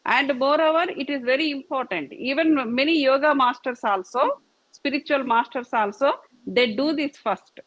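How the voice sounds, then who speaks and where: A woman's voice: high voice, moderate pace, fairly bright tone, no echo. A woman teaching a yoga and meditation class, patient and repetitive as she shows each posture. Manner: patient, repetitive, demonstrating with gestures. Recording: dull lo-fi dry recording.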